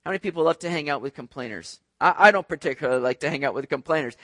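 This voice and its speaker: A man's voice: on the high side, very fast, hardly any pauses, pushed and bright, no room sound. A male pastor preaching a conversational sermon, asking the congregation questions as he goes. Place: church sanctuary.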